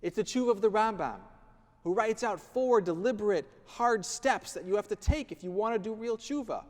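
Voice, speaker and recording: A rabbi giving a sermon, telling a story with dramatic pauses and quoting Hebrew and Aramaic passages. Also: male voice, high-pitched, big-room sound. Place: office.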